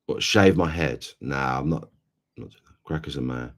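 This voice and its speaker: Very deep-voiced laid-back male streamer. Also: normal speed. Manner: laid-back, low-key, chatting with viewers. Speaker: streamer host. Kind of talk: casual live stream chat.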